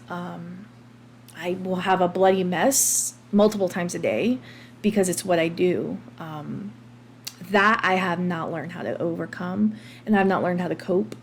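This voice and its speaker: In a fairly low-pitched voice, with slight background noise behind her, a thirty-something American woman hosting a podcast talks confessionally about her past. This candid monologue is marked by frequent ums and restarts.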